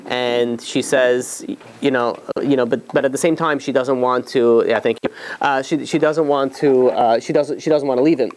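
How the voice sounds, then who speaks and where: A man's voice: mid-range voice, steady tone, normal speed, a little hiss or hum. Male rabbi, loose conversational storyteller, filler-heavy. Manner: conversational, many fillers and restarts. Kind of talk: storytelling talk to an audience.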